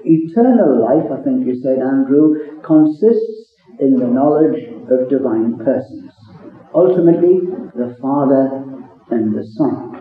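A man in a devotional Bible discussion, expounding scripture in a measured, deliberate way. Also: mid-range voice, expressive. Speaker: participant in a Bible reading meeting. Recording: echoey, phone-like sound.

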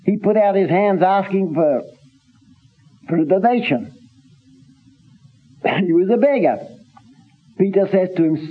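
A man preaching a sermon in an earnest, halting way, with many restarts, reading scripture in old-fashioned phrasing. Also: fairly high pitch, husky. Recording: tinny phone-like recording.

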